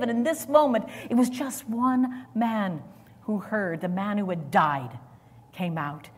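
Woman preacher, higher voice, chatty sermon with loud swells, long hall reverb. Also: a little slow. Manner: chatty, laughs often, builds to loud proclamations.

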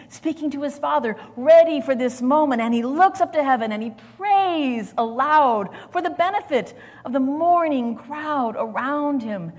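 A woman preaching a sermon in a chatty way, laughing often and building to loud proclamations. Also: medium pitch, big-room sound.

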